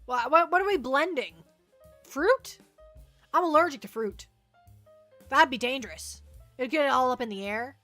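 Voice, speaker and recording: A woman's voice: sits high, normal speed, long pauses, a bit bright, no echo, soft background music. A woman hosting a livestream, chatting casually and rambling as she answers viewer questions, often repeating herself and joking at her own expense. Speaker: livestream host.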